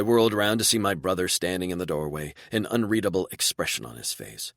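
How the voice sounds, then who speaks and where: A man narrating a fantasy romance audiobook in the first person, with steady, even storytelling. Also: low voice, fast talker, hardly any pauses, no echo, clean studio sound.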